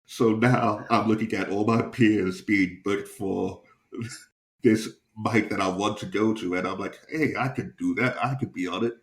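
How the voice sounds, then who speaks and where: A man's voice: lowish voice, steady tone, unhurried, echoey room. A young man and stand-up comedian, hosting a podcast and telling a profane anecdote in a casual, chuckling way.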